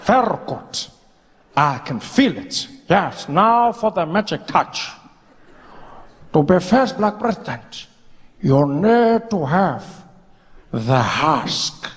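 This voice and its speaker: A male comedian doing an impression of an aged statesman, calm and wise, with slow, weighty, measured speech. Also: high-pitched, big-room sound. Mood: slow-lecturing.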